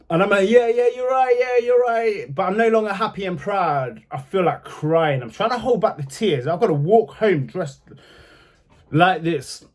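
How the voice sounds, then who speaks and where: A young man tells his own story to camera in a blunt, casual way, swearing freely and moving between anger and quiet regret. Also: sits high, animated, a little slow, long pauses.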